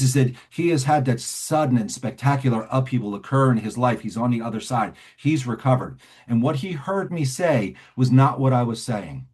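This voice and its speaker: A middle-aged man from New with a husky, breathy edge to his voice tells a recovery story to a meeting. He talks in a blunt, slangy way and acts out his past self as he goes. His pitch sits in an ordinary middle range for a man. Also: a little mellow. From New Jersey. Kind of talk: personal recovery story told to a live meeting.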